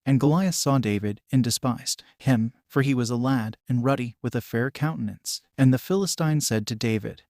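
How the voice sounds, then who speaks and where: A man narrating scripture as an audiobook in a measured, even reading. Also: mid-range voice, no room sound, clean studio sound.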